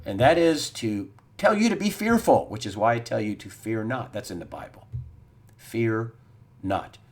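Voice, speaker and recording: A middle-aged man delivering a solo political commentary with a middle-range voice. He talks emphatically and repeats himself. He fills pauses with "uh" and drops from loud bursts to quiet, low asides. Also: expressive. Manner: emphatic, repetitive, many "uh" fillers, swings from loud to quiet. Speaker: host. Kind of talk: election commentary monologue.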